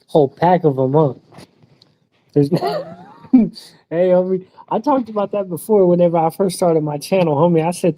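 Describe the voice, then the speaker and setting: A man's voice: high voice, moderate pace, long pauses, dark tone, dry recording, low-quality recording. A young man chatting casually on a livestream, slangy and swearing, laughing often. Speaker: streamer. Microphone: streaming mic.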